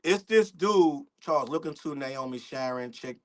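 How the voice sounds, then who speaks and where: A man's voice: mid-range voice, expressive, moderate pace. A young man hosting a casual livestream, talking in loose slang, rambling, laughing often and reading out the chat. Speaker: livestream host.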